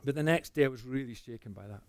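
A man telling a personal faith testimony, earnest, dropping to a hush and then rising again. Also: medium pitch, fast talker. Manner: earnest storytelling that swings between hushed and animated. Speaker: speaker giving a testimony.

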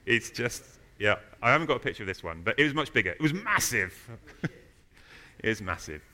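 Male preacher, bright forceful voice, lively storytelling sermon. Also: medium pitch, fairly quick. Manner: storytelling, animated, rises to loud emphasis. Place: church.

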